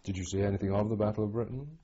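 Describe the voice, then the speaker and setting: A man's voice: fairly low pitch, rapid-fire, dark tone, breathy edge, muffled recording. A male interviewer asking brief, plain questions in an oral history recording.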